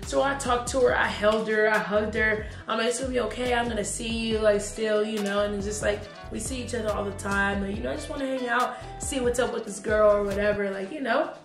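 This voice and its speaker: A woman's voice: fairly high pitch, steady tone, a little fast, few pauses. Playful young woman in casual vlog chat. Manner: playful, teasing, talks to the audience directly. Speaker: co-host of a couple's channel. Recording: echoey room with faint music.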